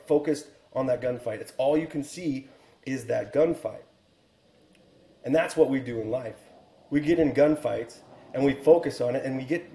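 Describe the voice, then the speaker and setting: A man's voice: medium pitch, dark tone, echoey room. A man in his forties, a military pilot guest, telling a war story in an earnest, reflective way on a podcast. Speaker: guest, Air Force helicopter pilot and author.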